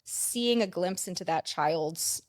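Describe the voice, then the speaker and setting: A woman's voice: lowish voice, slow pace, no room sound, studio quality. A woman counselor and play therapist explaining ideas in a conversational interview, with frequent "like" fillers.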